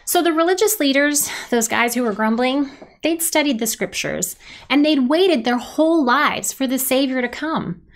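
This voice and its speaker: A woman leading a children's worship service, telling a Bible story with lively sound effects and cheers for the kids to join. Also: sits high, moderate pace. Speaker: children's ministry leader.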